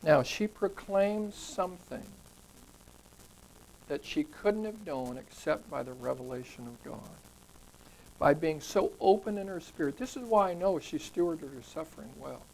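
A man's voice: fairly high pitch, lively intonation, a little slow, creaky, a little mellow, low-quality recording. A man leading a Bible study group, teaching scripture conversationally and putting questions to the group. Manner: conversational, asks the group questions, repeats words when emphasizing.

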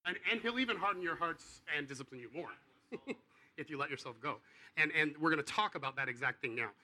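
In a relaxed, chatty sermon, a pastor voices the characters in his story and shifts between soft and loud delivery. He speaks fast and expressively at a fairly high pitch, captured on a rough recording.

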